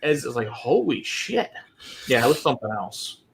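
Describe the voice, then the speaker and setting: Profane, animated man telling stories. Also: medium pitch, normal speed, creaky. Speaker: whiskey show co-host. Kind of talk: casual chat.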